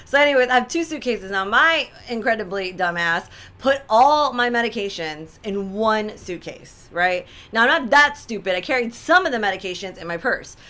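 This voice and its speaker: A young woman telling a story to her followers in casual chat, animated and dramatic, with frequent "right?" asides and exaggerated quoted voices. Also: medium pitch, moderate pace. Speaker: social media storyteller.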